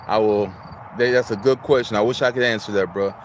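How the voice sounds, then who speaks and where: A man's voice: fairly low pitch, fairly even intonation, fairly quick, a little hiss or hum. A man from Illinois hosting a casual livestream, chatting, greeting viewers and reading out their chat messages. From Illinois, United States. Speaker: livestream host.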